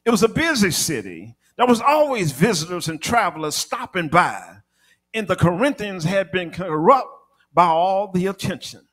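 A man preaching a sermon in a church, with a rhythmic delivery that rises into shouted, half-sung cadences. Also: high-pitched, very animated, moderate pace.

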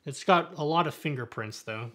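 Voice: mid-range voice, moderate pace, a bit bright. A livestreamer chatting casually on stream while showing off a build, rambling and self-mocking, laughing often. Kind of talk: casual live stream chat.

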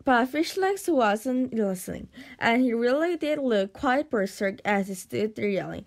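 A woman reading a children's novel aloud in an animated storytelling manner, with slips and restarts. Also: fairly high pitch, unhurried, few pauses. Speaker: audiobook reader.

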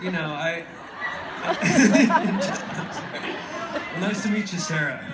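A man's voice: on the high side, a little fast, over loud music. A man introducing his song to a concert crowd in a rambling, laughing way. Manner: laughing, self-interrupting. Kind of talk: rambling onstage talk. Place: live concert venue. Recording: echoey live venue from a distance.

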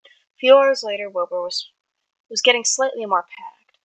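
A woman's voice: on the low side, steady tone, moderate pace, a bit bright, dry recording, poor audio. A woman reading her own story aloud in a plain way, with small slips that she corrects. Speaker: fiction reader.

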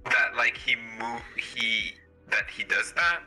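A man playing in a tabletop game who jokes around with drawn-out, playful interjections. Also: mid-range voice, bright, forceful tone, faint music behind, rough recording. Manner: jokey, drawn-out, swoopy interjections. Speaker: player. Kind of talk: casual game chat.

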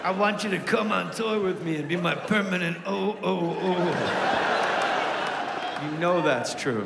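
A man performing a stand-up comedy routine, ranting profanely and swinging from low mutters to loud shouting, on a handheld mic in a large venue. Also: a little hiss or hum. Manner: profane, mocking rants. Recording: echoey live hall recording with crowd. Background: audience laughter.

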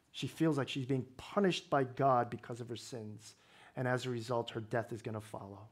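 A man's voice: mid-range voice, steady tone, moderate pace, slightly rough. A male pastor preaching a sermon, explaining scripture in a conversational way with wry humor.

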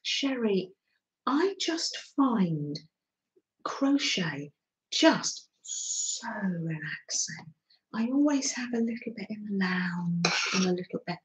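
A woman hosting a crafting live stream, greeting viewers by name in a gentle, chatty way. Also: medium pitch, lively intonation, slow, poor audio. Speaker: live-stream host, junk journal crafter.

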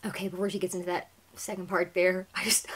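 A woman's voice: on the low side, flat delivery, quick pace, a bit bright, breathy edge. A woman hosting a music reaction video, chatting casually, gushing and tripping over her words.

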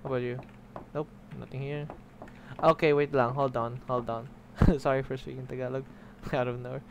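A man's voice: medium pitch, flat delivery, normal speed, creaky, a little hiss or hum. A young man streaming a game, chatting casually, swearing and reading the game's text aloud. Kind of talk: casual let's play commentary.

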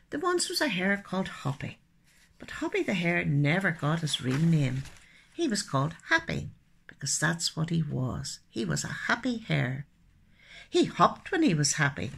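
A woman telling children's stories expressively, dropping into soft hushed asides. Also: on the low side, gravelly, husky. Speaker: storyteller and poet. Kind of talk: children's storytelling.

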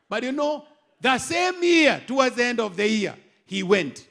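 A middle-aged Kenyan bishop preaching an animated sermon, moving from quiet asides to loud exhortation. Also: male voice, very high-pitched, unhurried, vocal fry. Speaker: bishop and pastor.

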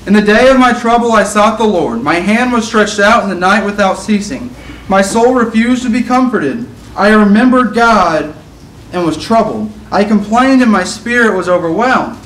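A man's voice: sits high, animated, normal speed, fairly bright tone, a little hiss or hum. A man preaching an earnest sermon, reading scripture aloud and restating it in plain words. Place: church sanctuary. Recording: echoey church room, mic at a distance.

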